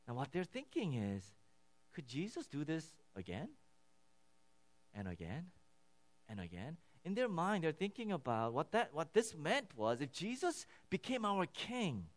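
A man preaching a sermon with a slightly high voice. His delivery is very lively, swinging up for emphasis and dropping low for quiet asides. He restarts and repeats words as he teaches. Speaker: pastor.

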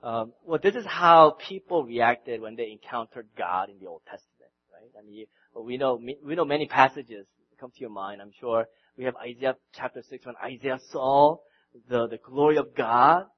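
A man preaching a sermon, swinging from loud outbursts to quiet, intimate passages and often repeating his words. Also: medium pitch, normal speed, muffled recording. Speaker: pastor.

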